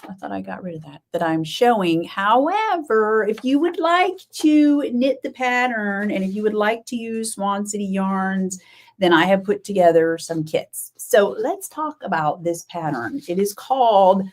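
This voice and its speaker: A middle-aged woman hosting a casual live-stream, chatting and rambling, often laughing and answering viewers by name. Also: medium pitch. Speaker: knitting podcast host.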